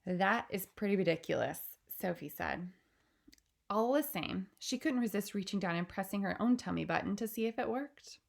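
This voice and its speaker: A woman reading a children's story aloud in measured storytelling style, with a gravelly voice. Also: medium pitch, lively intonation. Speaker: narrator. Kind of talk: audiobook reading.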